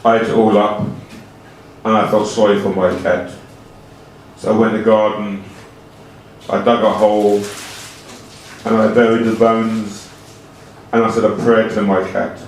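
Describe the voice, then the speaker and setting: Low-voiced man in a slow deadpan ramble. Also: a little hiss or hum. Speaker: comedian. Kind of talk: absurd comic monologue. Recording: echoey room from far off.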